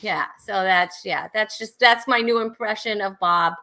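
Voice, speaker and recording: A woman's voice: mid-range voice, normal speed, pushed and bright, a little hiss or hum. A woman hosting a casual live video chat show, bubbly and chatty, often laughing, on a video call. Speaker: host.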